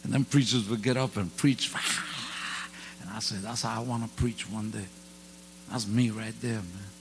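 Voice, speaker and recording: A man preaching a storytelling sermon as pastor, swinging from quiet asides to loud exclamations, speaking into a microphone in a church sanctuary. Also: lowish voice, fairly even intonation, moderate pace. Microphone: handheld or stand mic. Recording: reverberant church hall with faint hum.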